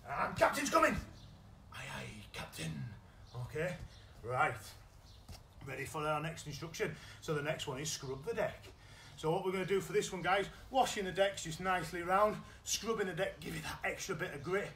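A man with a British accent coaching children's football in a live online session, giving energetic, encouraging instructions. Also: on the high side, brisk, reverberant, a little hiss or hum, rough recording. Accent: British English. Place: indoors at home.

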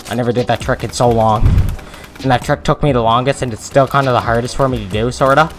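A young man commentating his own gameplay, cursing and shouting in bursts, close to the mic. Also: mid-range voice, a little fast, long pauses. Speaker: gaming video creator. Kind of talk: profane live gameplay commentary. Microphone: close mic, breathing into it. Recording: game music playing behind.

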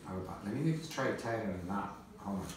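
A man's voice: lowish voice, animated, fast talker. A man in his forties, a father and vlog host, coaxing his child in a playful, repetitive way during casual family chat at home. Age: 40s. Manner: coaxing, playful, keeps repeating himself. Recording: echoey room, mic far off, faint hiss.

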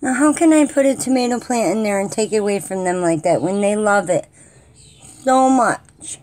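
A woman's voice: medium pitch, quick pace, dark tone. A woman vlogger giving casual running commentary as she watches squirrels, talking both to the animals and to her viewers.

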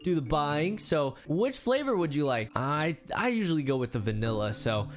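A man voicing his own character in a game roleplay, excitable and full of quick exclamations. His pitch jumps around a lot, with faint music underneath.

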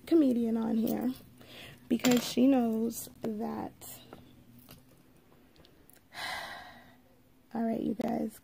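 A woman hosts a relaxed live stream, taking her time and greeting each viewer by name. Her voice sits a little high but has a mellow, darker tone with a gravelly edge. She talks in an easygoing, drawn-out way, full of asides. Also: slight background noise. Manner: slow, drawn-out delivery with frequent asides. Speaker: livestream host. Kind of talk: casual live unboxing chat.

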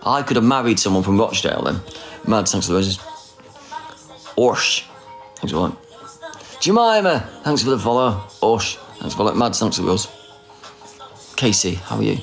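A man's voice: lowish voice, big pitch swings, moderate pace, creaky, pauses often, soft background music. A man in his forties hosting a casual phone livestream, teasing, flirty and sarcastic, and often mocking himself. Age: 40s. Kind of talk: casual live chat.

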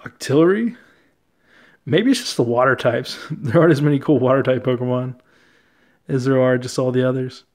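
A young man casually talking through his trading card collection, relaxed and chatty, often laughing and using fillers. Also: mid-range voice, normal speed, long pauses. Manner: relaxed, chatty, easily amused, many fillers.

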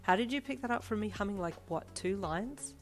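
A woman voicing a grumpy, blunt teenage girl who talks in a deadpan, snappy way. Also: mid-range voice, a little fast, faint music behind, voice pushed up, close to an everyday voice. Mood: lively.

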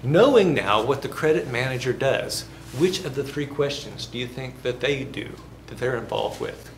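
A man's voice: medium pitch, expressive, moderate pace, a little hiss or hum. Man lecturing in an echoey classroom. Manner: asks the class questions and jokes between points. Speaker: university instructor.

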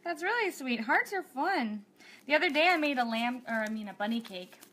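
A woman's voice: high voice, very animated, brisk, a bit bright. A woman hosting a cake decorating tutorial livestream, bubbly and chatty, thinking aloud as she works.

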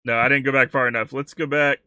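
A man's voice: medium pitch, flat delivery, quick pace, sharp tone, smooth, no echo, clean studio sound, soft background music. A man hosting a reaction video, commenting casually and jumping at scary moments. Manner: jumpy, exclaims and laughs, talks to the viewer casually.

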